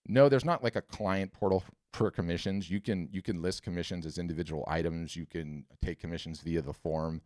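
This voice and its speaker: A man with a very deep, low voice hosts a live webinar and answers viewers' questions. He talks bluntly and emphatically, with animated asides. The sound is close and dry, with no room echo. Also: brisk, few pauses.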